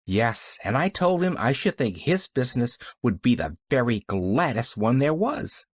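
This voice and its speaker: A man voicing a cheerful, eager young girl who talks earnestly and brightly in an audiobook. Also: mid-range voice, big pitch swings, measured pace, no echo. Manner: earnest, bubbly, keen to please.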